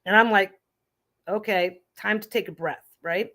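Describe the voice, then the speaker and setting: A woman's voice: mid-range voice, unhurried, pushed and bright. A woman in her fifties, a host, telling stories in a casual chat, blunt and profane, with many restarts. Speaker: podcast host.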